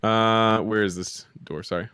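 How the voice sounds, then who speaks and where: A laid-back man on a boom-arm mic, talking casually as a player in a tabletop game. His voice is very deep with a bright edge. The sound is dry and close. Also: fairly even intonation, measured pace, smooth, no room sound. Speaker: player and streamer. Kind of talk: casual chat.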